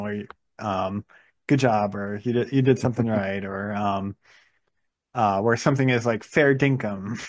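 A man co-hosts a casual podcast, mid-pitched and even. His talk is loose and rambling, full of "like" and "um". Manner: rambling, lots of fillers. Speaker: podcast co-host.

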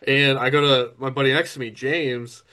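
A man's voice: medium pitch, steady tone, normal speed, bright, forceful tone. A man in a casual chat, telling a story with enthusiasm.

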